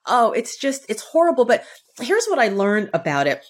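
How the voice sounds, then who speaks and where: A woman from the area, a guest on a podcast, telling a personal story in a lively way and acting out the quotes. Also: normal speed. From Boston area, United States. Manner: lively, acts out quotes with shifting pitch. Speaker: podcast guest, author and speaker. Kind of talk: animated storytelling in conversation.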